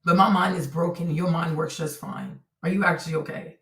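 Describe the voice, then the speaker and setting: A woman's voice: lowish voice, fairly even intonation, brisk, a bit bright, echoey room, far from the mic. A woman hosting a live stream, ranting indignantly and firing off repeated rhetorical questions. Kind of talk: heated live-stream commentary.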